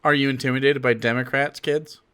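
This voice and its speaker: A man's voice: medium pitch, steady tone, a little fast, bright, forceful tone, clean tone. A man streaming political commentary, mocking and heckling a clip with a lot of swearing.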